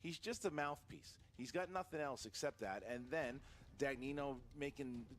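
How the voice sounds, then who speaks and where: A man's voice: medium pitch, normal speed, a little hiss or hum. A man commentating a trivia competition in wrestling-promo style, hyping up the storylines. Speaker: match commentator.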